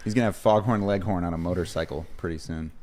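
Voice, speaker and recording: A man's voice: deep voice, fast talker, a little mellow, slight background noise. A man co-hosting a talk show, throwing in dry, teasing one-liners. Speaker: podcast co-host. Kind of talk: casual comedic banter.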